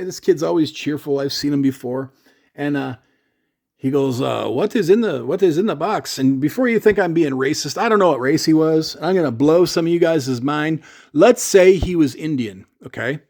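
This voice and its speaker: Chatty man with a higher voice. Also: a little mellow. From Canada. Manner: rambling, chatty, digressive. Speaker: gear vlogger. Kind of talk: casual storytelling to camera.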